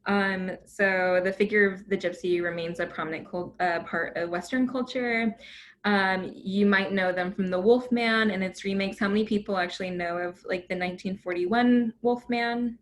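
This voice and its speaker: A woman's voice: mid-range voice, normal speed, a little hiss or hum. A woman in her thirties from the United States giving a casual academic talk, chatty and full of fillers. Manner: chatty, filler-heavy, animated. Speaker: guest lecturer.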